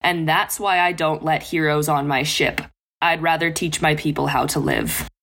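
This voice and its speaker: A woman's voice: deep voice, animated, moderate pace, fairly bright tone, exaggerated voice. Woman reading as a wry old pirate captain. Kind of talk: read-aloud passage on a podcast.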